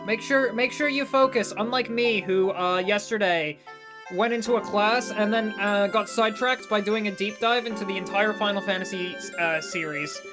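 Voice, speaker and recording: A woman's voice: medium pitch, moderate pace. A young Australian woman giving casual, chatty live-stream commentary, swearing freely and making self-mocking asides. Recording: game music in background.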